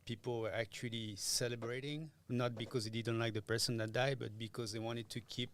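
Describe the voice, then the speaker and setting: Man, hesitant, mid pitch, podcast guest. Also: fairly even intonation, brisk, fairly bright tone. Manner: hesitant, searching for words, laughs often. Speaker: guitarist guest. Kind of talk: casual podcast interview.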